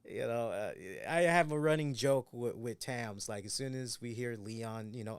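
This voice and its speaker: A man's voice: mid-range voice, moderate pace, hardly any pauses, clear, resonant tone, no room sound. Guy cohosting a chat show, loose and cussing, slips into voices for his stories, dead dry close mic. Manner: rambling, profane, acts out quoted voices. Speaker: co-host. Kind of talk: casual podcast chat.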